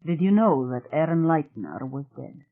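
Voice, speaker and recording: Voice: medium pitch, very animated, moderate pace. A narrator voicing a very tall, strange man who talks frankly and bluntly with odd politeness, over a tinny phone-like sound.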